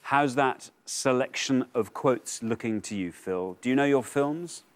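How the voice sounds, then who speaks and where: A man hosting a television quiz show, upbeat and teasing, with bursts of excitement when answers are revealed. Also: medium pitch, measured pace. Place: television studio.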